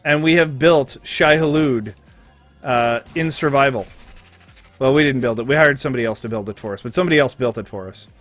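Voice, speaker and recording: A man's voice: medium pitch, fairly quick, a bit bright, faint music behind. A man streaming a game, chatting casually in a rambling, joking, profane way.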